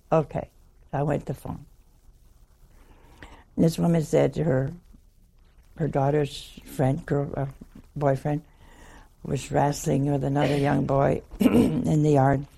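A woman's voice: low voice, creaky, dark tone, husky. An older woman, a nun, telling a funny story in a wry, folksy, chuckling way. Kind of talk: humorous anecdotal storytelling talk.

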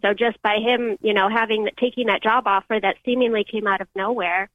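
A woman's voice: medium pitch, fairly even intonation, no echo. Earnest young woman on a phone line. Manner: earnest, halting, emotional. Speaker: caller. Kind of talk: telling a personal faith story on a call-in show.

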